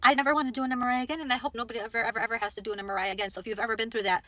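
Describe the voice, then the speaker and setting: A young woman chats straight to camera, retelling an experience with lively, theatrical asides. Her voice sits high and sounds crisp and bright, and the sound is close and dry with no room around it. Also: very fast, dry recording. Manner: animated, dramatic retelling with quoted inner voice. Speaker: vlogger. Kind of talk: casual storytelling to camera.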